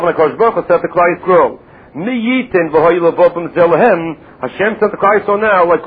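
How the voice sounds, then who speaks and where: A man's voice: sits high, husky. A man teaching a Talmud class, quoting Hebrew verses and then explaining them in English, often repeating words as he thinks. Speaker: Torah teacher. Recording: tinny phone-like line with faint hiss.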